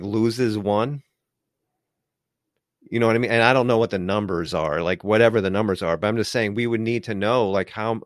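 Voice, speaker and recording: A man's voice: fairly low pitch, no echo, studio quality. A man co-hosting a casual discussion, rambling and full of filler words. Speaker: podcast co-host.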